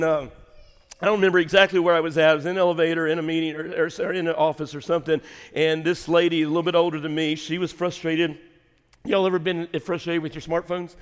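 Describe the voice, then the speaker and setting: Male preacher, folksy and dramatic, recorded in a sanctuary with long reverb. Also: a little high. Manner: swings from shouting to hushed whispers; folksy storytelling with fillers and laughter. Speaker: pastor. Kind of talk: sermon. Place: large church sanctuary.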